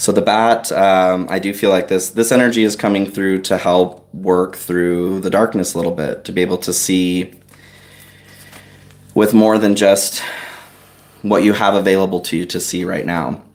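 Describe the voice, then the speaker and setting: Soft-spoken man doing a live tarot reading. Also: deep voice, level tone, moderate pace. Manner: chatty, talks straight to viewers; soft-spoken, gets choked up. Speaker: tarot reader. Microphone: on-camera livestream mic.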